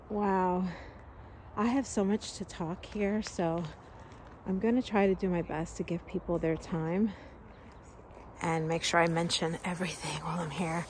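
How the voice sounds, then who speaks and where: A woman filming a travel vlog on her phone outside, a little out of breath and gushing over every sight she reaches. She talks at an unhurried pace, with street noise plainly audible behind her. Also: on the low side, fairly even intonation, darkish tone. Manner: gushing, exclaims often, laughs. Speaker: travel vlogger. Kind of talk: excited walking vlog. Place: outdoors in cold weather, on a street.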